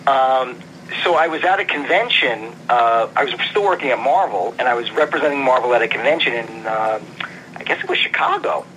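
A man's voice: medium pitch, very animated, brisk, fairly bright tone, slight background noise, poor audio. A man being interviewed about his comic book writing, telling an anecdote in a casual, self-interrupting way. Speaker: guest, comic book writer.

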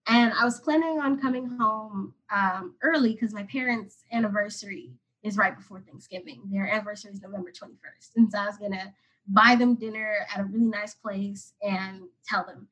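A woman's voice: medium pitch, fairly even intonation, normal speed, fairly bright tone, breathy edge, rough recording. A 21-year-old woman from Atlanta, a podcast guest telling a personal story casually and emotionally, rambling with lots of "like". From Atlanta, USA. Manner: rambling, heavy use of "like", emotional.

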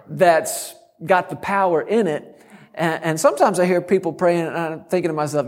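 A man's voice: sits high, a little mellow. A middle-aged man preaching a sermon as a guest speaker, bold and emphatic with touches of humor.

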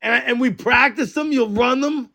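A man co-hosting a podcast remotely in loud, profane, laugh-filled casual banter. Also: very high voice, normal speed, creaky. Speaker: podcast co-host.

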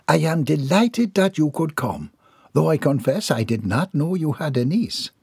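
A man's voice: on the high side, big pitch swings, moderate pace, gravelly, darkish tone, husky, no echo, studio quality, pitched above the performer's own voice, heavily acted. A man voicing a nervous, polite woman housekeeper hosting a 1920s garden party. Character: fretful woman housekeeper hostess.

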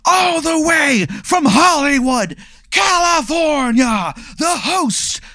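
Man doing a wrestling ring announcer: loud, stretched-out, high. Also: sing-song, no room sound, clean studio sound, heavily acted. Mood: announcing. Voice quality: booming, drawn-out announcing.

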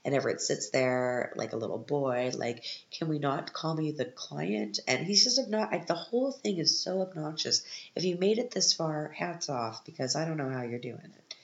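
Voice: medium pitch, sing-song, moderate pace, roomy sound, muffled recording. A podcast host giving a casual, sarcastic recap of a film, sounding exasperated with it.

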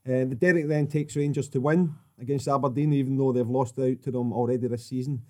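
Mellow man hosting a chat. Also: medium pitch, fairly even intonation, a little fast. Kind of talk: casual chat, reading out notes.

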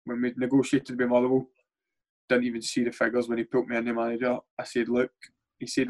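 A young Scottish man, a footballer, telling stories in casual chat, animated and swearing freely as he acts out what others said. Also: medium pitch, quick pace. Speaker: footballer guest. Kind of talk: casual storytelling.

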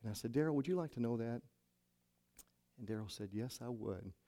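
A man's voice: medium pitch, fairly quick, warm tone. A middle-aged male pastor telling a story from the pulpit, acting out each person's lines as he retells the conversations. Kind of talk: sermon storytelling.

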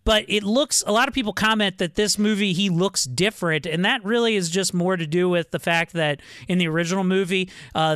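A man's voice: high voice, fairly bright tone, clear, resonant tone, dry recording, clean studio sound. A man hosting a casual movie discussion podcast, loose and chatty, laughing often and swearing casually.

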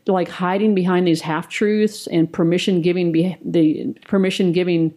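A woman's voice: on the low side, steady tone, moderate pace, dark tone. A woman co-hosting a podcast, earnestly explaining faith ideas at length in casual conversation. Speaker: podcast co-host.

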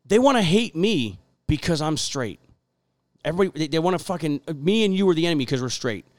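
A man's voice: on the low side, clear, resonant tone, no room sound. A man co-hosting a casual podcast, ranting bluntly and swearing constantly. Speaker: podcast co-host. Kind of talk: casual profane rant.

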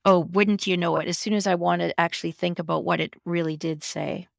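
A middle-aged woman with a low, gravelly voice tells her story emphatically and expressively as a podcast guest. Her pitch leaps up at the big moments. The sound is close and dry. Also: fairly even intonation, a little fast, no echo. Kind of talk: personal storytelling in an interview.

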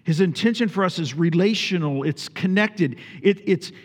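A man's voice: high-pitched, moderate pace, big-room sound. A man preaching a sermon as pastor, emphatic, repeating phrases for stress and putting questions to his congregation.

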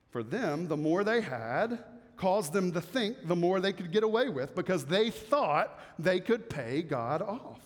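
Male pastor, high voice, animated preacher, big reverberant church hall. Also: takes it slowly. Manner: animated preaching, swings between loud emphasis and soft asides. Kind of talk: sermon.

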